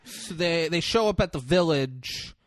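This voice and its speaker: A male podcast co-host in casual chat, retelling movie scenes with quick acted-out quotes and frequent laughs. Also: on the high side, big pitch swings, fairly bright tone, no room sound, studio quality.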